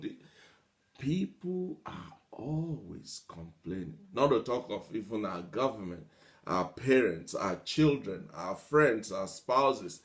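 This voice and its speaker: A man's voice: on the low side, very animated, slow pace, fairly bright tone. A man giving a motivational talk, stacking up long repetitive lists of examples, mimicking whiny complainers and laughing lightly between points. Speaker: motivational speaker.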